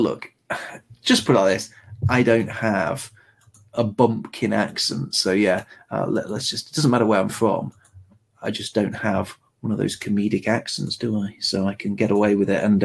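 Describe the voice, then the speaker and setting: A man's voice: fairly low pitch, steady tone, normal speed, vocal fry, slightly rough. A man from England hosting a stream, chatting casually in a teasing, sardonic way. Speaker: stream host. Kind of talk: casual chat.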